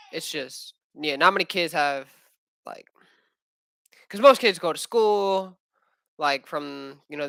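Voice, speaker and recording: Young man with a bright, slangy ramble. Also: a little high, dry recording, rough recording. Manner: slangy, profane, rambling with many fillers. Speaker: aspiring MMA fighter streaming. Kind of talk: casual livestream chat. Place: at home with his young son.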